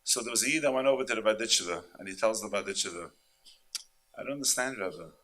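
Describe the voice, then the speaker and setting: A man giving an impassioned sermon at a conference, peppered with Yiddish and Hebrew terms, swinging between loud fervent peaks and low confiding asides. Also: racing. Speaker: speaker at a conference.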